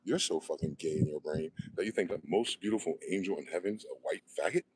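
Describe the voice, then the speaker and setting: Low-voiced man ranting, profane. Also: quick pace, a little mellow, husky, poor audio. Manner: profane, combative, asks and answers himself. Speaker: online video host. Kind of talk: ranting monologue.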